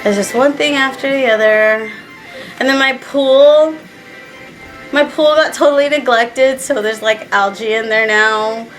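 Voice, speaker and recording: Young woman, sad and stressed vlog chat, rambling and halting, music behind. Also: on the high side, a bit bright, rough recording. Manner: rambling, emotional, with many fillers and restarts. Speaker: vlogger. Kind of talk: casual chat to camera.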